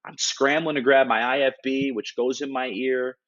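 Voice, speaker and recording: A hockey analyst in an interview, retelling a story earnestly and animatedly, with frequent restarts and filler words. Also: male voice, medium pitch, flat delivery, moderate pace, fairly bright tone. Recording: dull lo-fi audio.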